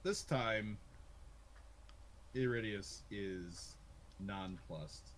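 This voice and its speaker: A man running a tabletop game as game master, narrating the action in a lively storytelling manner and laughing easily. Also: fairly low pitch, very slow, slight background noise.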